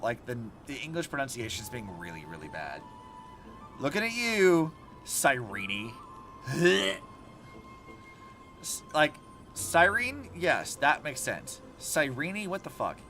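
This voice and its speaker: A young man streaming a game, chatting casually and swearing freely as he reacts. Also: on the high side. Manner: animated, profane, talks to chat while playing. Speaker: vtuber streamer. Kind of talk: casual gaming livestream chat.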